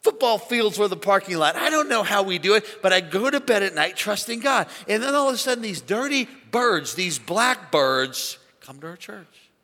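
A man preaching an animated sermon to a church congregation, calling on them to shout along. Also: sits high, normal speed. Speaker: pastor. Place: large church auditorium. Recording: long hall reverb.

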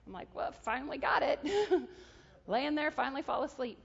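A woman preaching a sermon, telling a story and acting out dialogue with lively energy. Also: sits high, brisk. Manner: animated, acts out dialogue with God. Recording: dull sound in a large reverberant hall.

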